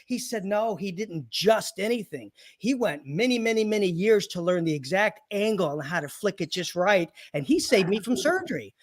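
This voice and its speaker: A man's voice: high voice, lively intonation, normal speed, few pauses. A man, a chiropractor and part-time comedian, telling punchy funny patient stories as an interview guest, acting out their voices and laughing often. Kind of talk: storytelling interview.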